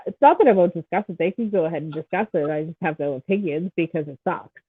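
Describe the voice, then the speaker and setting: A woman's voice: on the low side, fast, slightly rough, no echo. A woman hosting a podcast in casual chat, talking in a chatty, rambling, teasing way with a stuffed-up nose. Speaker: podcast host. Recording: tinny phone-like line.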